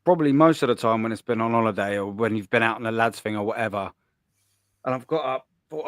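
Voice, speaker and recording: A young man trades crude, joking banter in a relaxed podcast chat. His voice sits at an average pitch and sounds dry, recorded right up on the mic. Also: quick pace, no echo. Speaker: podcast co-host. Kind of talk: casual chat.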